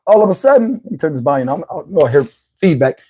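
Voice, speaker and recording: A man hosting his channel, telling a comic story in an animated, profane way and acting out the other voices. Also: a little high, racing, slightly rough. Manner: animated, profane, acts out every voice. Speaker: channel host.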